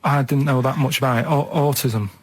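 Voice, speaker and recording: A man, chatting on a radio show in a deadpan, rambling, hesitant way. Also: mid-range voice, a little fast, breathy edge, no room sound. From Manchester, England. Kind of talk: casual radio chat.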